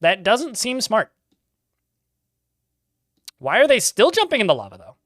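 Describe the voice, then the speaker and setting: Animated man with a bright voice. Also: sits high, unhurried, dry recording, clean studio sound. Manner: chatty, laughs often, swears casually. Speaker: streamer playing a game. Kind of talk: casual gameplay commentary.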